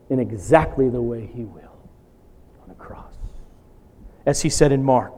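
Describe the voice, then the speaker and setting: A man preaching a sermon, asking rhetorical questions and swinging between loud emphatic bursts and hushed asides. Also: medium pitch, expressive, takes it slowly, long pauses. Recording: long hall reverb.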